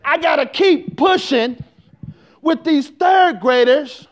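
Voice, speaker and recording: High-voiced preacher, shouting call-and-response. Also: male voice, takes it slowly. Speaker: pastor. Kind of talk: sermon.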